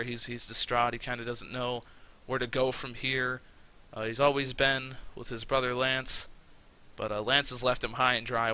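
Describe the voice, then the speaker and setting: Excitable, bright-voiced game commentator man. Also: medium pitch, clear, resonant tone, rough recording. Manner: excitable and profane, with frequent fillers. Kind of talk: casual let's-play commentary.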